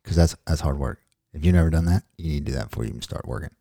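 Man, Ozark Southern accent, folksy and joking, very low voice, dry close-miked sound. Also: rapid-fire, vocal fry, warm tone, no echo. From Ozark region, US. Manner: folksy, joking, restarts often. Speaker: podcast co-host. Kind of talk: casual podcast chat.

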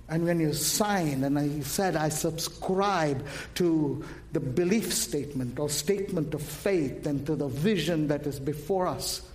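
A man's voice: on the high side, a little mellow, slight background noise. A man preaching a sermon with fervor, calling out questions and waiting for the congregation to answer. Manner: impassioned, calls out to the congregation.

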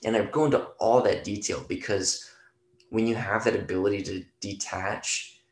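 A man's voice: fairly low pitch, steady tone, moderate pace, roomy sound. A man in casual podcast conversation, rambling loosely and swearing freely, packing his talk with fillers like "you know" and "right".

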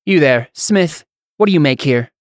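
A man voicing a pampered, showy nobleman who talks in a musical, drawling, overly loud way. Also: medium pitch, lively intonation, normal speed, dry recording, studio quality, lightly acted. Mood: pompous. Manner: loud, drawling and self-satisfied.

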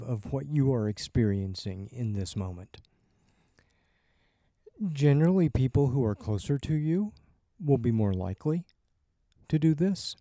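A man hosting a podcast, explaining in an unhurried way with small restarts. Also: medium pitch, mellow, dry recording, studio quality. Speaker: podcast host. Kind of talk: casual podcast chat and explainer.

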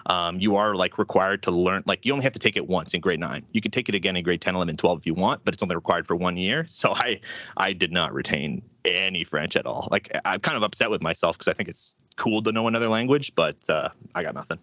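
Bright-voiced Canadian man chatting. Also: sits low, fast talker, dry recording. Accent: Southern Ontario Canadian. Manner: rambling, filler-heavy, laughs often. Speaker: guest. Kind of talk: casual podcast chat. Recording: dull lo-fi audio.

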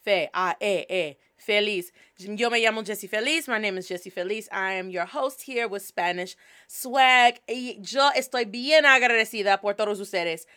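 A woman's voice: medium pitch, moderate pace, pushed and bright, clear, resonant tone. A woman hosting a language lesson in a casual, upbeat teaching style, moving between English and Spanish. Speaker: host.

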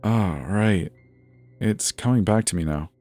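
A man with a deep voice raises his pitch to voice a nervous, stubborn young woman in a spoken horror story. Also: unhurried, warm tone, soft background music. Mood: wry. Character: anxious young woman homeowner, curious and stubborn.

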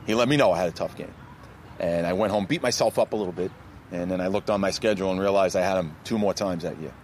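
This basketball referee has a low voice, talks fast and carries a Long Island, New York accent. During a casual interview he tells stories animatedly, laughing a lot and tossing in "man" again and again. Faint traffic from outside the park where he sits can be heard.

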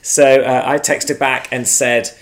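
A man from England, recorded outdoors at his home and telling a faith story with lively, shifting emphasis. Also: mid-range voice, slow pace. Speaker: guest speaker. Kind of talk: storytelling testimony on video. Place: outdoors at their home, front yard.

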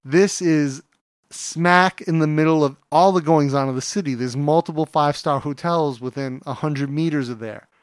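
A man's voice: fairly high pitch, normal speed, dry recording, clean studio sound. A man co-hosting a podcast, chatting casually and telling stories with plenty of fillers. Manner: chatty storyteller, many fillers. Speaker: podcast co-host.

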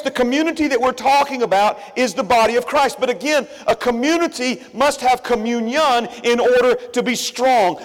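Male pastor, very high voice, chatty sermon full of asides, long church reverb. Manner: conversational, with many asides and fillers; builds emphasis by repeating phrases. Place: church sanctuary.

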